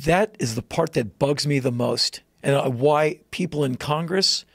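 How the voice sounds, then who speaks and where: Gravelly higher-voiced man telling a story. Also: a little slow, dry recording. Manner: animated, jumps into loud high voices for quotes. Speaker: podcast guest. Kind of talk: casual storytelling. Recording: dry close podcast mic.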